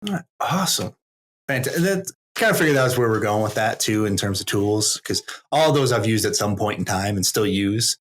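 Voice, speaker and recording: A man's voice: fairly low pitch, lively intonation, fairly quick. A man hosting a podcast, reacting with enthusiasm and chatting casually with his guest. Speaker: podcast host. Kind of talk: casual conversational interview.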